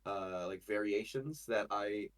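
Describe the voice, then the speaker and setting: A man, a voice actor, talking casually as an interview guest in an animated, rambling way. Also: on the low side, slow. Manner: animated and rambling, with many restarts.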